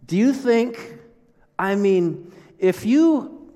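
A man's voice: high voice, expressive, drawn-out words, warm tone. A man preaching a sermon as pastor, talking conversationally and asking the audience questions. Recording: long hall reverb.

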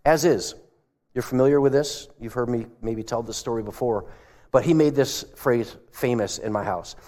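A man delivers a church sermon in a mellow, mid-range voice at a moderate pace, with long hall reverb on the recording. He tells stories like he's chatting and asks questions of the congregation.

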